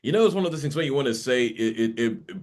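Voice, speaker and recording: A man's voice: mid-range voice, lively intonation, quick pace. Rambling chatty male podcast host. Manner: chatty, rambling with frequent restarts. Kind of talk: casual chat.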